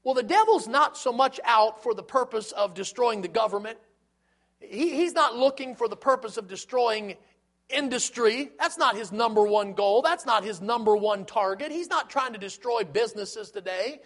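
A man's voice: extremely high pitch, animated, moderate pace, a bit bright. A man preaching a sermon as a pastor, earnest, with rhetorical questions and repetition.

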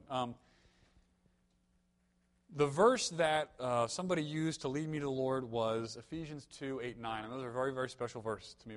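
A young man preaching a sermon in a conversational, storytelling way, with humorous asides and emphatic peaks. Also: medium pitch. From United States.

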